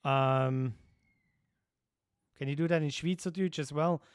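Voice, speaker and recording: A young man talks casually on a livestream, thinking out loud and chuckling at his own ideas. His voice is smooth and resonant, a touch higher than most men's. The sound is dry and close. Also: slow, no room sound. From Switzerland. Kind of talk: casual stream chat.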